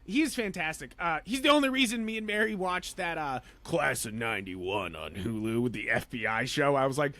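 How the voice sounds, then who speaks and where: Man, fairly high voice, excitable, rambling, lots of fillers, dry close sound. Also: fairly quick, few pauses, no echo. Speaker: podcast co-host. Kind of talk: casual film review chat.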